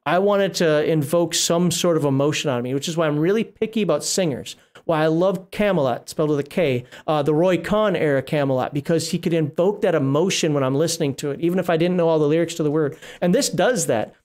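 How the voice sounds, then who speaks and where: A man's voice: on the high side, fast talker, hardly any pauses, a little mellow. A middle-aged man hosting a casual livestream, reading rules aloud and rambling, often breaking off mid-word. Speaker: livestream host reviewing a tabletop RPG book.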